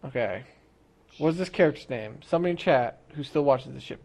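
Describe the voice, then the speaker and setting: A young adult streamer rambles to chat in a loose, profane rant. The talk stumbles and restarts, repeats words, and breaks into quick impressions of characters mid-sentence. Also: medium pitch, animated, darkish tone, dull audio. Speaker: livestreamer talking to chat.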